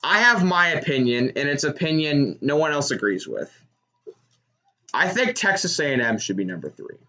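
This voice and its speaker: A young man giving live reaction commentary on a college football game, excitable and shouting at big plays. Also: on the high side, normal speed. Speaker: sports streamer.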